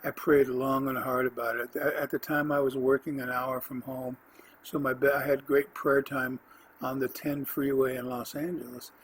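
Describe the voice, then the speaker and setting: A man hosting a podcast, telling his personal faith testimony in an earnest, rambling way, with restarts and the odd throat clearing. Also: medium pitch, level tone, normal speed, a little hiss or hum, low-quality recording. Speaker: podcast host.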